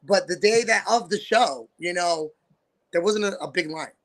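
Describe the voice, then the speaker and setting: A man hosting a podcast, telling stories in a lively, animated way and acting out the voices of the people in them. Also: high voice, normal speed. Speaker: podcast host and wrestling promoter. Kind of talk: casual storytelling chat.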